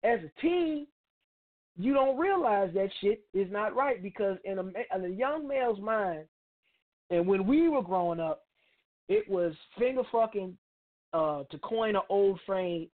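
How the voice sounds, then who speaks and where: A man's voice: high-pitched, lively intonation, a little slow. Middle-aged man, blunt and profane, street slang, radio host monologue, tinny phone-like sound. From Chicago, United States. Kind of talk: opinionated monologue.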